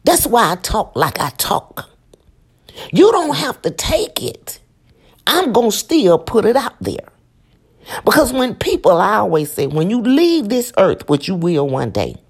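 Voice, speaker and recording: Husky, animated woman preaching. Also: a little high. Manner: animated, emphatic, repeats phrases. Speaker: preacher teaching scripture. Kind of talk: informal Bible teaching.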